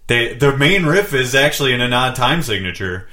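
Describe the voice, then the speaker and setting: A man's voice: medium pitch, lively intonation, normal speed, sharp tone. A laid-back American man hosting a casual podcast chat about music, rambling a little and swearing freely.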